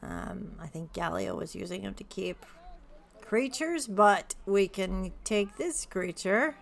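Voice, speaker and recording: A woman voicing Griselda, a stern townswoman who gives brisk orders in a tabletop game. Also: medium pitch, expressive, vocal fry.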